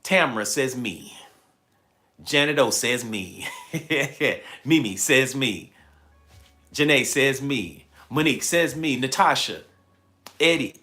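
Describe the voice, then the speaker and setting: A man hosting a livestream, telling a story to his chat in a casual, animated way and repeating phrases as he builds it. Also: mid-range voice. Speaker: livestream host.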